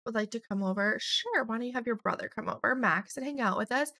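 A young woman, slightly hoarse, chatting and rambling through a let's play of a life-sim game. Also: fairly high pitch, fast, pushed and bright, no room sound. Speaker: gaming YouTuber.

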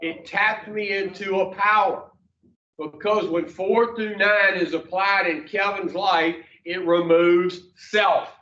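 A man's voice: high-pitched, steady tone, slow pace, pushed and bright. A man, teaching a recovery class in a blunt, folksy way with mild swearing. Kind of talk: plain-spoken class talk. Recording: echoey, distant, dull room recording.

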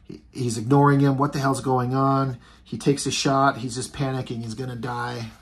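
A man talks through a comic book in a loose, casual review. He rambles, restarts and fills gaps with ums. His voice sits at an ordinary middle pitch. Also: flat delivery, moderate pace, background noise. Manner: rambling, filler-heavy.

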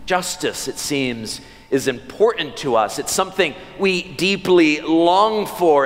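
A man's voice: fairly high pitch, fairly bright tone. A man in his thirties preaching a sermon as pastor into a church microphone, telling stories and acting out his children's voices. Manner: storytelling, acts out children's voices. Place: large church sanctuary. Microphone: church sound system mic. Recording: long church hall reverb.

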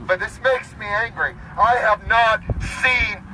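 A man's voice: high-pitched, measured pace, background noise. A man giving an impassioned speech at an outdoor protest, reading rules aloud and then bluntly rebutting each one. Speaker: protest speaker, parent.

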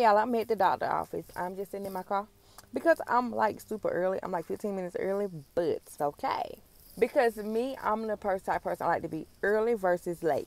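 A woman's voice: medium pitch, fairly bright tone, slight background noise, low-quality recording. A mother vlogging from her car, rambling casually and talking straight to her viewers. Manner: chatty and rambling, keeps addressing viewers. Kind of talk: casual vlog chat. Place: inside her parked car.

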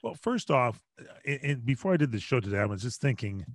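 Chatty animated radio man on a video call. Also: medium pitch, no room sound, studio quality. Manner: lively, chatty, quick to joke. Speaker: radio broadcaster, guest. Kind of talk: animated storytelling in conversation.

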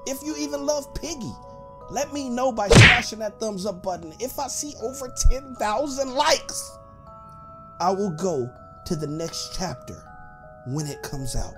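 Animated high-voiced man hyping gameplay. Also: unhurried, faint music behind. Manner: playful, teasing, laughs and whoops often. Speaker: gaming YouTuber. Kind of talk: excited gameplay commentary.

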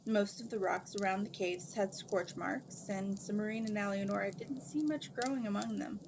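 A woman reading a novel aloud at a steady pace, now and then stumbling over a word and correcting herself. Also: medium pitch, normal speed, creaky, noisy background. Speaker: book reader.

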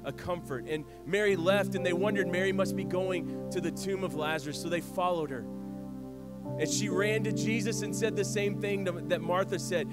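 A man in a church performing a dramatic first-person monologue, earnest and storytelling, hushed one moment and rising the next. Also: high voice, normal speed. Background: music.

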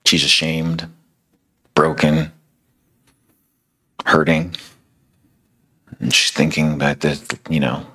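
Male preacher, very low gravelly voice, husky, casual storytelling sermon. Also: flat delivery, slow pace, pauses often, bright, forceful tone. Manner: conversational, dramatic retelling with casual fillers.

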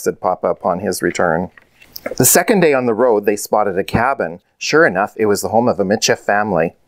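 A man, the author, reading his children's storybook aloud in a measured, clear way. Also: lowish voice, no echo.

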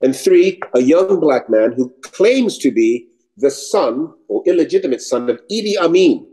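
A man from New York, an actor and comedian, telling anecdotes in an animated way, switching voices and swearing casually. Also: a little high, measured pace, poor audio. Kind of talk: anecdotal storytelling.

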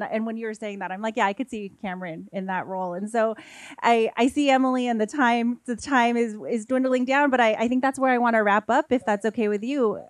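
A woman's voice: a little high, no room sound. Woman moderating a panel, dry mic.

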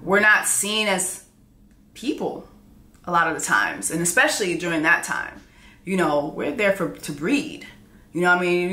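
A woman giving a casual, candid TV episode recap with frank, profane, animated storytelling. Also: on the low side, echoey room. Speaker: TV recap vlogger.

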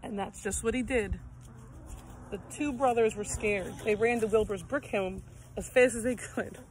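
A woman tells a children's story in a gentle, expressive read-aloud manner, at a middling pitch. Faint outdoor noise hums behind her. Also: normal speed, low-quality recording.

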